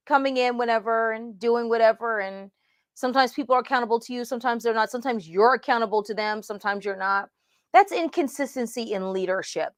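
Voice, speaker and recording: A woman's voice: on the high side, no room sound, studio quality. Emphatic woman teaching on leadership. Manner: emphatic, acts out quoted voices. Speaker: ministry mentor trainer.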